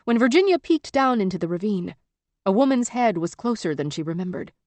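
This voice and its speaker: Woman audiobook narrator, measured tense storytelling, mid-pitched voice, dry close sound. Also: big pitch swings, darkish tone, no echo. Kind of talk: scripted narration.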